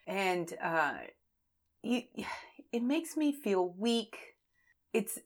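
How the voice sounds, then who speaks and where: A woman from the United States hosting a podcast, speaking in a candid, opinionated casual monologue that swings from fired-up to soft. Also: lowish voice. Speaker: podcast host.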